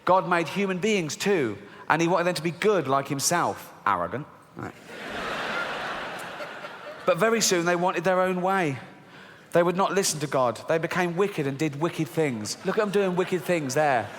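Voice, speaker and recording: A man's voice: high-pitched, animated, moderate pace, background noise. Sardonic man doing stand-up. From England. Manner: sardonic, swearing, incredulous outbursts. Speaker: stand-up comedian. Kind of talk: stand-up comedy routine. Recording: live show in a big echoey hall with crowd.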